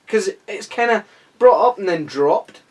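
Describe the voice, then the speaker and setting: A man's voice: high-pitched, lively intonation, measured pace, a little mellow, distant mic. A young man co-hosting a podcast, chatting casually and laughing often as he acts out film scenes. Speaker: podcast co-host. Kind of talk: casual chat.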